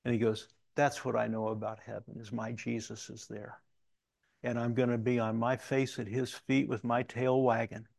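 Gravelly-voiced pastor preaching a folksy sermon. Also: male voice, mid-range voice, little pitch movement, darkish tone, no room sound. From Alaska, USA. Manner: folksy storytelling with halting restarts.

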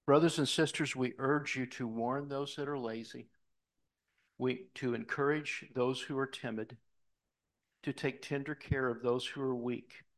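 A middle-aged man preaches with a storyteller's pull, recounting an old police case and slipping into the voices of the people in it. His delivery is animated and conversational, with a voice of ordinary middle pitch. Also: a little slow. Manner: animated storyteller acting out dialogue. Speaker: preacher, former police detective. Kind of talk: storytelling sermon.

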